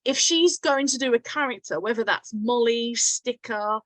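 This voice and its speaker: A woman with a Cockney accent, a cast member, telling lively stories in casual podcast chat. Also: a little high, normal speed, no echo, low-quality recording. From England, near London. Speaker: audio drama cast member.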